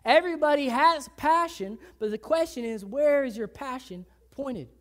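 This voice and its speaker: A woman pastor with a fairly high voice delivers a sermon in a church. She talks to her congregation in a conversational way, acting out the people she describes. Her delivery swings from loud, emphatic lines to hushed, low ones. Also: expressive. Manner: conversational, acts out people in quick asides.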